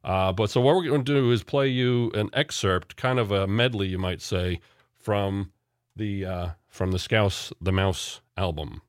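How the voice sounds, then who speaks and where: Low-voiced male radio host, rambling. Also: a little slow, no echo, studio quality. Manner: rambling, many fillers and restarts. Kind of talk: casual radio chat.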